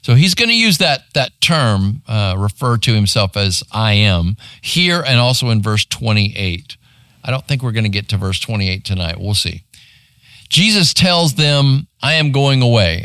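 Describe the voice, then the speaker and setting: Lively, bright-voiced male pastor teaching. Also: mid-range voice, no room sound, studio quality. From United States. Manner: conversational teaching, asking "right?" often. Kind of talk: sermon.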